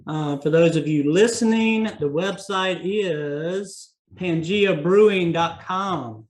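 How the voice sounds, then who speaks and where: A man's voice: high-pitched, slow pace, poor audio. Southern-accented man hosting a podcast. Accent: Southern US, North Carolina. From North Carolina. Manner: folksy, meandering, with many fillers. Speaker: podcast host. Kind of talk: casual interview chat.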